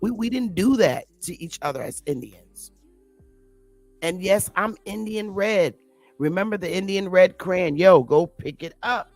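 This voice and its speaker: Medium-pitched and animated, a woman speaks at a measured pace in an unscripted opinion rant over soft background music. The commentary vlogger is blunt, defiant and combative, with heavy profanity and emphatic repetition.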